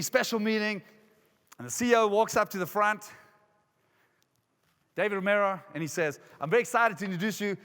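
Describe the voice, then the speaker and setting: A man's voice: a little high, bright, forceful tone. Emphatic man in a hall. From South Africa. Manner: emphatic, with repeated rhetorical questions. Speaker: keynote speaker. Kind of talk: motivational conference speech. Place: large casino conference hall. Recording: reverberant hall.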